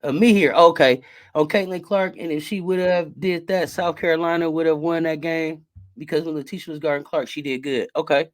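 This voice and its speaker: A man's voice: fairly high pitch, steady tone, brisk. A man hosting a casual sports chat, laid-back and quizzing his guests. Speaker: host.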